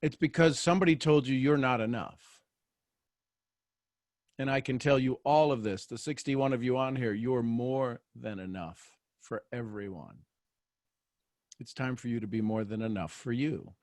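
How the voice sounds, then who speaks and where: A man hosting a motivational live show for an online audience. He is animated and joking and often restarts his sentences. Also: medium pitch, normal speed, dry recording, studio quality.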